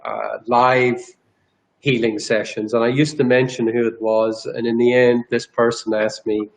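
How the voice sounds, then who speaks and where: A man speaks as an interview guest, recounting a personal story in an earnest, meandering way. He often restarts his sentences and backtracks as he talks. His voice sits at an ordinary mid pitch. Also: little pitch movement, a little slow, gravelly, poor audio. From Northern Ireland. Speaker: guest, energy healer.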